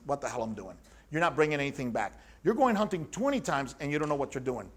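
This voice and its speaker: A man teaching personal trainers about growing their business, blunt and animated, acting out little dialogues with clients. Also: on the high side. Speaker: fitness educator. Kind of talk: lively business coaching talk.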